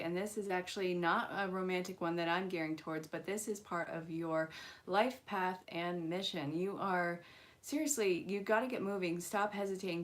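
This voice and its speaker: A young woman doing a live angel card reading in a casual, chatty way, mixing guidance with playful jokes. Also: medium pitch. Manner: playful, joking asides and frequent laughs.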